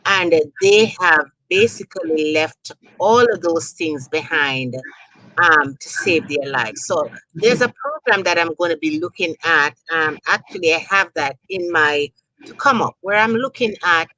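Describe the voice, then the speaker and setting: A woman's voice: on the low side, expressive, unhurried, pushed and bright, dry recording, low-quality recording. A woman hosting an interview talk show, rambling and leaning on filler phrases. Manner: rambling, leans on "you know". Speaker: host.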